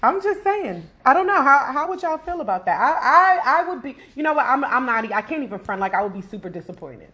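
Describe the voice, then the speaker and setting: A woman hosting a podcast in casual chat, animated and laughing as she talks to listeners. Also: high voice, fast talker, few pauses. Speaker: podcast host.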